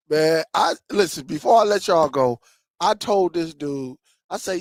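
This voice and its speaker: A man hosting a streaming tech channel, chatting casually with viewers and telling stories in an animated way, laughing and repeating himself. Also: on the high side, normal speed, no room sound, clean studio sound.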